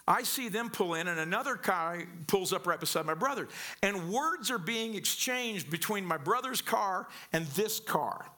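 A man's voice: high-pitched, expressive, normal speed, sharp tone. A man from southern Missouri preaching a sermon in a conversational, storytelling way, with frequent stammered restarts. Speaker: pastor.

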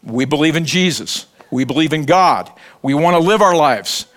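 A middle-aged man preaching a sermon in a conversational, animated way, joking and acting out little scenes. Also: a little high, moderate pace. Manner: animated, conversational preaching with laughs and acted quotes. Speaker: pastor.

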